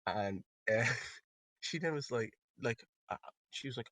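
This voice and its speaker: Lively young man telling a rambling story. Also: lowish voice, moderate pace, no echo. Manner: rambling, full of fillers and acted-out quotes. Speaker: podcast co-host. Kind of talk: casual anecdote telling. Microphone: close podcast microphone.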